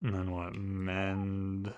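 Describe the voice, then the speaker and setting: A man's voice: deep voice, monotone, drawn-out words, noisy background. A man casually commenting on his own game run, talking to the characters and breaking into exasperated outbursts at bad luck. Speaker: video game streamer.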